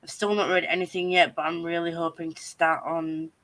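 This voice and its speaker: A woman's voice: on the low side, little pitch movement, a little fast, fairly bright tone. A young adult woman hosting a casual chat, rambling along and swearing freely. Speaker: host.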